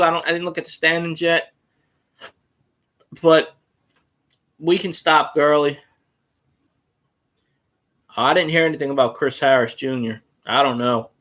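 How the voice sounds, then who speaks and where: A man hosting a casual solo fan chat, rambling and swearing as he tells stories about arguing with rival fans. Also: on the high side. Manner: profane, rambling, animated storytelling. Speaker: fan show host.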